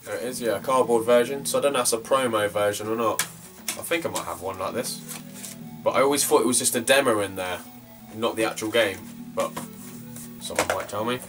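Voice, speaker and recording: A man's voice: lowish voice, brisk, distant mic. A young man rambles through his latest retro game finds, swearing freely as he goes. He sits some way back from the mic, with faint guitar music playing behind him. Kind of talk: casual vlog chat.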